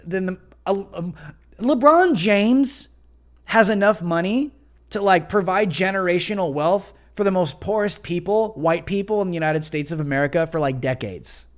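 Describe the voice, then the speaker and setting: A young man with a slightly raised voice hosts a casual livestream. He speaks loosely and sarcastically, full of fillers and mock outrage. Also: normal speed. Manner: sarcastic, mocking, mimics others in high voices. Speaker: livestream host.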